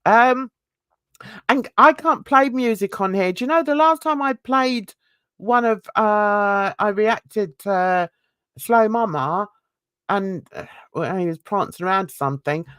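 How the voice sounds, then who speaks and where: An Englishwoman with a North London and rural Essex accent hosts an easygoing livestream chat in a smooth, mid-range voice, going a little slow. She's chatty and warm-hearted, peppering her talk with British slang and endearments. Studio quality, no room sound.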